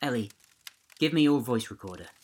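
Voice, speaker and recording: A man's voice: medium pitch, expressive, a little fast, a little mellow, natural voice. A man voicing Jordan, a nervous young man who leads his friends into a haunted house and stutters when frightened, in a ghost story reading. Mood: hushed.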